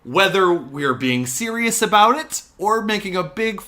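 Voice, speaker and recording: A man co-hosting a casual podcast about film trailers. His voice is bright, and he talks in a laid-back way, often stumbling and restarting. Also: high voice, expressive, unhurried. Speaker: podcast co-host. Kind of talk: casual chat.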